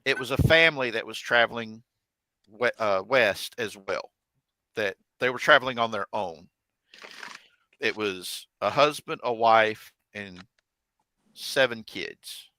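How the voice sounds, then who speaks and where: A man narrating as game master of a tabletop game, halting and correcting himself as he goes. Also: on the low side, sharp tone, no echo, rough recording. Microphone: desk mic on a live stream.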